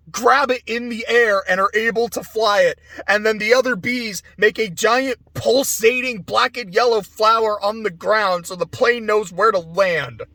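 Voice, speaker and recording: A man with a notably high voice rambles excitably through an off-the-cuff movie review, swearing freely and laughing between thoughts. The recording is dry and close, with no room sound.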